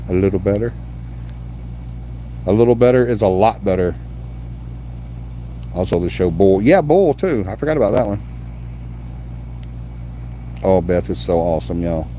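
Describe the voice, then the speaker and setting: A man's voice: lowish voice, lively intonation, moderate pace, pauses often, mellow, slight background noise. A man hosting a live paranormal show, chatting effusively with viewers and repeating himself. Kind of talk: casual live-stream chat.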